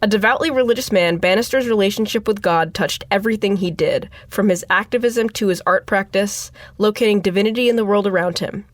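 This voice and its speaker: A woman's voice: mid-range voice, a little fast, few pauses, dry recording. Brief: young woman, podcast co-host, reads prepared notes steadily, dry close sound. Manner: reads informative passages steadily, with chatty asides. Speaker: podcast co-host presenting research. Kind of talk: casual podcast chat, reading prepared notes.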